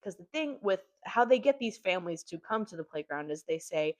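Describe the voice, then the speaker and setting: A young woman reviewing books in an animated, chatty way, swearing casually. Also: on the low side, fairly quick. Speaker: book reviewer. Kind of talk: casual chat.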